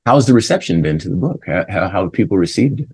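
A man hosting a podcast interview, speaking in a reflective, measured way. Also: deep voice, animated, darkish tone, husky. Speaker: podcast host. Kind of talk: interview conversation.

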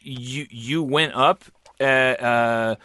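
A man co-hosting a casual podcast chat, excitable and profane, often stammering and restarting his sentences. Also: medium pitch, extremely slow, dry recording, studio quality. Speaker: podcast co-host.

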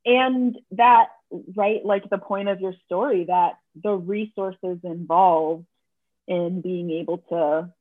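Woman, therapist guest, unhurried, reflective, tinny phone-line sound. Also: on the low side, fairly even intonation. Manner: thoughtful, reflective, asks rhetorical questions. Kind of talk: casual interview talk. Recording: tinny phone-like call audio.

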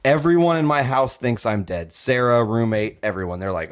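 Here a young male co-host on a podcast tells a lengthy story full of profanity, voicing the characters he quotes. His medium-pitched delivery is animated and smooth, at a moderate pace.

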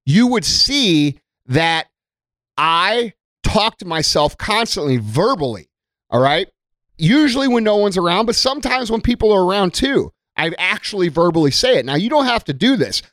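A man's voice: high voice, big pitch swings, moderate pace, fairly bright tone, no echo, studio quality. A middle-aged man hosting a podcast, giving a blunt, profane, emphatic motivational monologue. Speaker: podcast host.

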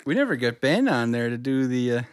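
A man's voice: mid-range voice, very animated, a little fast, clean tone. A man co-hosting a podcast, teasing his friends and laughing in casual banter. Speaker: podcast co-host.

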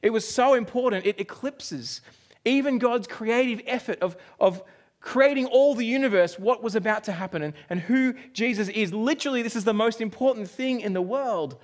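A man's voice: very high-pitched, moderate pace. An Australian man in his forties preaching a sermon, telling a personal story and acting out his own reactions. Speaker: pastor.

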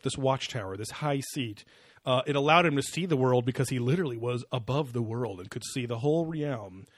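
A young man chatting loosely and crudely, breaking into laughter between tangents. His voice sits at a middle pitch. The recording is close and dry, with no room sound. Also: no echo. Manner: rambling, crude, laughs often. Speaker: podcast co-host. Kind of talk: casual comedic chat.

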